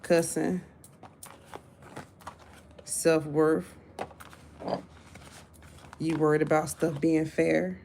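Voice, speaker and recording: A woman's voice: low-pitched, flat delivery, drawn-out words, creaky, pauses often, dark tone, a little hiss or hum. A woman giving a casual live tarot reading, blunt and talkative, cussing and joking to her viewers. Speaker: tarot reader.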